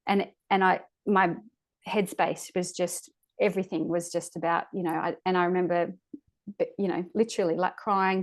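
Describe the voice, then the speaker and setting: On a podcast, a guest recounts her birth story in a voice on the low side, haltingly searching for words and restarting her sentences. At times she sounds almost tearful.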